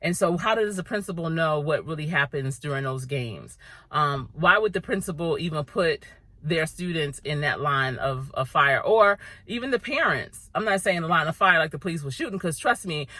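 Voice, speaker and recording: A woman's voice: low-pitched, pushed and bright, no echo. A middle-aged woman vlogging to camera in an earnest, ranting way, chewing gum as she talks. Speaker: vlogger, coach. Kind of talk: casual vlog talk to camera.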